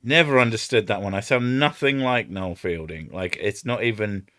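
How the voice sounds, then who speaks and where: Rambling Scottish man with a bright voice. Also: lowish voice, normal speed, dry recording, clean studio sound. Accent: Scottish, Edinburgh. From Scotland. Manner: rambling, swears, does silly impressions. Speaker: streamer host. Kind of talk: casual chat on a live stream.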